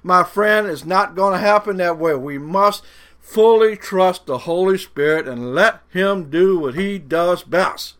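A man with a Cajun accent delivers a sermon in a somewhat high voice. He preaches earnestly, stretching key phrases slowly and building toward fervent emphasis. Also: fairly bright tone.

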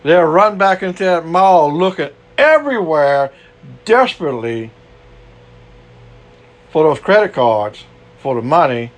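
A man with a Cajun accent preaching a conversational sermon, full of asides and rhetorical questions. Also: fairly high pitch. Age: older. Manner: conversational, frequent "you know", rhetorical questions.

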